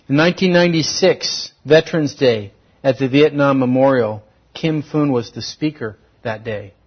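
Husky man preaching with dramatic swings. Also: medium pitch, muffled recording. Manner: dramatic, swings from loud exhortation to hushed tones. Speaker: pastor. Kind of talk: sermon.

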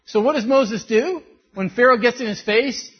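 In this dull, lo-fi sermon recording, the pastor's voice is extremely high with a breathy edge, and he keeps a moderate pace. He tells stories with animation, performing the quoted voices himself.

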